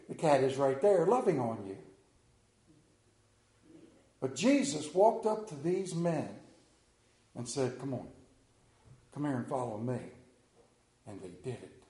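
A man's sermon echoes around a reverberant room as his feeling builds, his high-pitched voice rising and falling sharply. He gets swept up, stumbling and repeating himself in an emotional, halting way. The voice is a little mellow.

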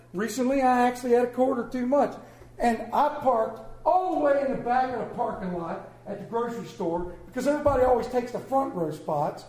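A man preaching a sermon, telling folksy, exaggerated stories in a church. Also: very high voice. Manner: folksy storytelling with comic exaggeration. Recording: echoey room.

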